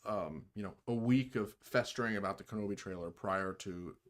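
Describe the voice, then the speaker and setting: A man's voice: lowish voice, moderate pace. A man co-hosting a casual livestream chat, thinking aloud in a laid-back way and often trailing off. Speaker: co-host of a fan podcast livestream.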